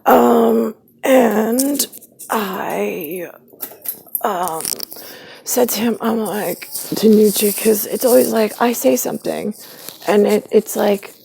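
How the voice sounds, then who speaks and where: Gravelly, sarcastic ranting woman. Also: mid-range voice, takes it slowly, mellow, a little hiss or hum. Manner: sarcastic, profane, mimics others in quotes. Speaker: mother. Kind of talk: rambling rant to camera.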